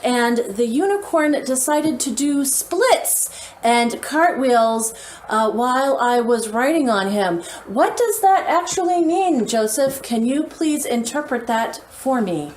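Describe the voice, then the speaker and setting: A woman runs a playful mock interview and asks upbeat, leading questions. Her voice sits a bit high and the room rings back. A faint hum lies underneath. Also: lively intonation, slow pace. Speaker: skit interviewer. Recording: roomy with faint noise.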